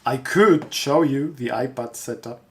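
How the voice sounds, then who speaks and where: A man talks to his viewers on a live stream at an unhurried pace. He rambles and thinks out loud, often repeating his words. His pitch sits in an ordinary middle range. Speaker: street artist streaming live. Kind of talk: casual live-stream chat.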